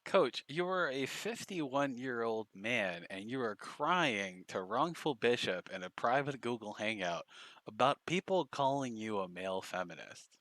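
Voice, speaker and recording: A man's voice: medium pitch, expressive, a little slow, fairly bright tone, no room sound. A man streaming, giving casual, profane, mocking commentary on clips.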